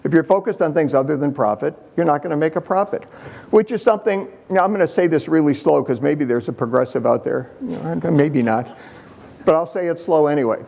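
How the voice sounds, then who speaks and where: Conference speaker, male, older, a touch high-pitched, sarcastic and punchy with the crowd. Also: fairly quick, gravelly. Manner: sarcastic, animated, punchy asides to the audience. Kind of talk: conference presentation with slides.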